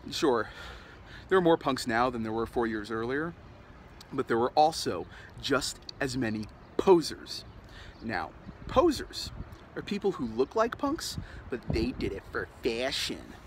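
Brief: man as sardonic young male punk, profane rant, lively swooping delivery, city traffic noise behind. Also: mid-range voice, a little slow, low-quality recording. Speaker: actor performing a film monologue. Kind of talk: dramatic monologue.

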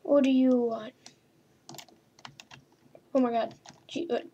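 A woman's voice: a little high, fairly even intonation, slow pace, dark tone, slightly rough, muffled recording. A woman hosting a gaming video, giving playful horror-game commentary and talking to the characters on screen. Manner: chatty, talks to game characters, mild swearing. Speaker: gaming channel host.

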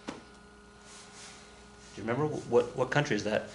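A man gives a recorded history lecture in a classroom, animated and joking, voicing characters and counting dance steps while sounding out of breath. His medium-pitched voice moves at normal speed and the sound is reverberant.

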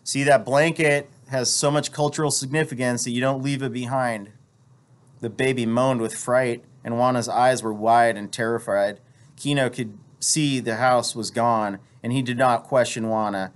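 A man's voice: mid-range voice, fairly even intonation, normal speed. A man who teaches reads a novel aloud and stops now and then to explain passages. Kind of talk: read-aloud with commentary.

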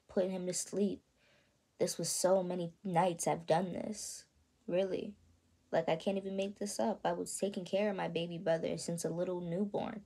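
An 18-year-old woman telling her own story in a vlog, soft and halting, often stopping to ask "you know what I mean". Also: on the low side, creaky. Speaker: vlogger. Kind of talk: confessional personal storytelling.

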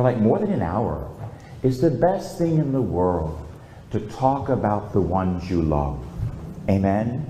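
A priest giving a homily, telling a story with lively, conversational preaching and calling out for amens, in a church. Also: male voice, mid-range voice, unhurried, slight background noise. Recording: echoey church.

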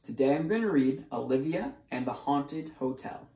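A preschool teacher reading a picture book aloud to children, expressive and animated, in a roomy echo. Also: medium pitch, moderate pace. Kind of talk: storybook read-aloud.

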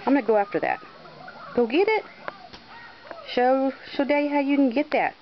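A mother filming her baby at home, talking to her in a coaxing, playful way with some gentle scolding, recorded on a handheld camera. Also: high voice, normal speed, pauses often. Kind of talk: home video talk to a baby. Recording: dull lo-fi home video, faint noise.

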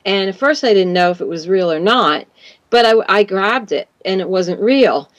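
A woman's voice: medium pitch, lively intonation, moderate pace, no room sound, rough recording. A woman guest on a radio interview, telling a long personal story in a rambling way, often saying "you know" and "like". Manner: rambling, repeats words, says "you know" and "like".

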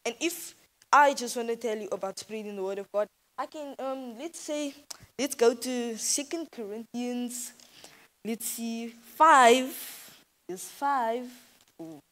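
A woman's voice: a little high, fairly bright tone, rough recording. Earnest woman preaching. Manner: earnest, conversational, hesitant. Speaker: youth speaker at church. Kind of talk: informal sermon. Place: church.

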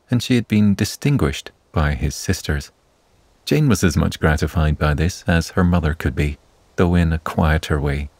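A man narrating a classic novel as a soothing bedtime story, in a calm, measured reading. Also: extremely low pitch, no room sound.

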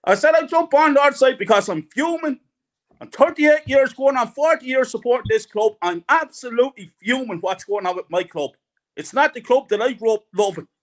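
A man's voice: extremely high pitch, lively intonation, moderate pace. A middle-aged man ranting angrily about his football club, repeating himself as he vents. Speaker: guest fan. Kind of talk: heated fan rant.

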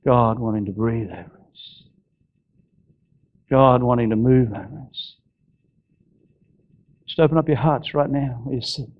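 A male pastor preaching a fervent sermon, shouting and then dropping to low, intense exhortation. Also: a little slow, pauses often, phone-quality sound.

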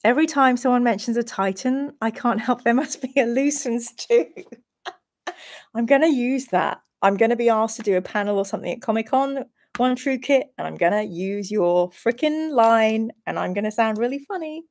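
A woman in her forties hosting a live-streamed gamebook play-through, chatty and animated as she switches between reading the room descriptions aloud and talking to her chat. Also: on the high side, moderate pace. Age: 40s.

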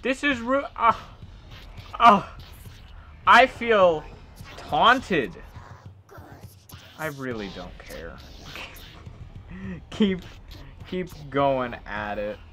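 A man's voice: a little high, very animated, extremely slow, pauses often, bright, forceful tone, soft background music. A man giving playful gameplay commentary as a streamer, joking and talking back to the game characters. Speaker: let's play streamer.

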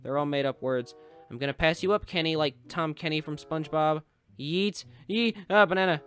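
A man giving goofy playthrough commentary on a racing game, yelling when he falls behind and chanting made-up nonsense words. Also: on the high side, measured pace, clear, resonant tone, soft background music. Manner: goofy, yells in frustration, makes up nonsense rhymes. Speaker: gaming channel host.

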